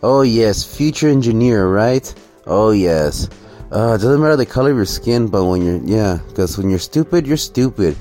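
Brief: male reaction host, low and mellow, sarcastic with swinging intonation, faint music underneath. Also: expressive, normal speed. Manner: sarcastic, scornful, laughs at his own jokes. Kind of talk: mocking commentary over a clip.

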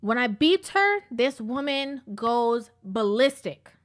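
A woman's voice: fairly high pitch, very animated, slow pace. A woman telling a personal story in a casual, preachy way, repeating points for emphasis.

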